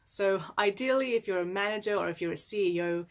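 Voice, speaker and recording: A young adult woman walks through a book's ideas in a relaxed, explanatory way. She talks conversationally, with frequent fillers as she goes. Her voice sits at an ordinary middle pitch for a woman. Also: fairly quick. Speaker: book summary presenter. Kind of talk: casual explanatory book summary.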